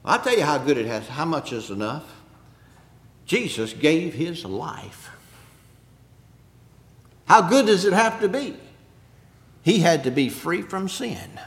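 Man, preacher, sermon, lively swooping delivery, earnest, echoey hall. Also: takes it slowly, pauses often. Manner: earnest, rising and falling between loud emphasis and hushed low lines. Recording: echoey hall, long reverb.

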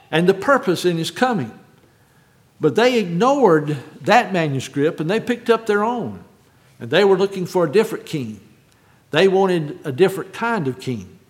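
A man preaching a sermon, rising to loud, fervent repetition and then dropping to quiet, measured reading of scripture. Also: high-pitched. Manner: builds to shouted quotes, then drops to hushed reading.

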